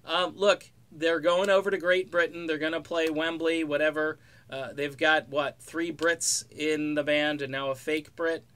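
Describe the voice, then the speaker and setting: A man's voice: a little high, little pitch movement, unhurried, a bit bright, clean tone. Sarcastic rambling male music commentator. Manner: sarcastic, rambling, joking asides. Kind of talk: casual spoken commentary.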